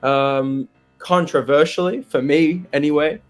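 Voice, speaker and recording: Young Australian man, interviewee; candid, animated, fairly high-voiced, faint music under. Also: measured pace, clear, resonant tone. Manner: candid, animated, laughs often. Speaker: interviewee, singer. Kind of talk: open, emotional interview chat.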